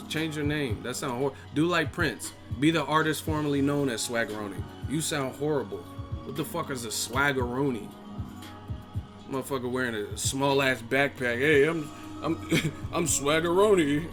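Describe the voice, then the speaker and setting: A man's voice: medium pitch, normal speed, music in the background. A man hosting a boxing live-stream chat, ranting and mocking viewers with lots of swearing. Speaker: boxing channel host.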